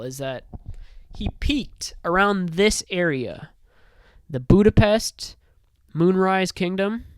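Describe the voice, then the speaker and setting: Rambling, casual film commentator, smooth voice. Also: mid-range voice, no echo. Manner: rambling, loose, filler-heavy opinion talk.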